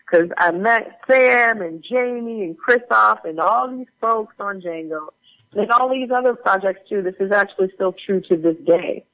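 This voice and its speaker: A woman's voice: mid-range voice, a little slow. Chatty woman telling stories, muffled sound. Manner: animated, chatty anecdote-telling with many fillers. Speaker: guest actor. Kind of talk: casual interview storytelling.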